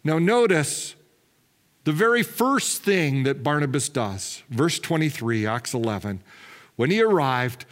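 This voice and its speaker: Man preaching with slow, weighty pauses. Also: sing-song, fairly bright tone. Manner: measured, slowing and dropping low on key words; candid, self-deprecating asides with light laughs. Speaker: pastor. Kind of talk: sermon.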